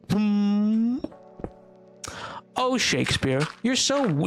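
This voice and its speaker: High-voiced man streamer chatting casually. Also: very animated, takes it slowly, long pauses, a bit bright, faint music behind. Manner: rambling, joking, chatting with viewers. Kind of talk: casual livestream chat while gaming.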